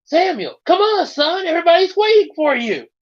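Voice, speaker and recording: A woman's voice: very high-pitched, sing-song, normal speed, pitched above the performer's own voice. A woman voicing a fretful mother in a storybook reading. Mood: calling. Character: fretful mother calling her son. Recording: dull lo-fi audio.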